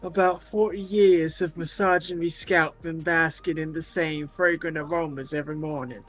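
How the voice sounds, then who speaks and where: A man's voice: a little high, fairly even intonation, moderate pace, a bit bright, faint music behind, close to an everyday voice. A man voicing a chatty elderly city man who reads game dialogue aloud and says "me" for "my" in a folksy way. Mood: fond. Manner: drops into folksy slang, "me" for "my".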